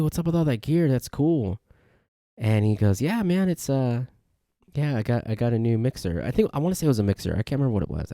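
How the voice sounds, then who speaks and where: A low, gravelly man hosts a solo podcast, rambling loosely from one story to the next. His tone is dark and mellow, and the recording is dry and close. He bounces up into a higher voice whenever he quotes a friend. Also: no room sound. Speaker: podcast host. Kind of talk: casual solo podcast rant.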